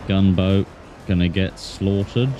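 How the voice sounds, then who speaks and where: A man's voice: deep voice, steady tone, takes it slowly, over music. A man streaming a game with casual, playful, self-mocking chat in a put-on Australian accent. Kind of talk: casual gameplay commentary.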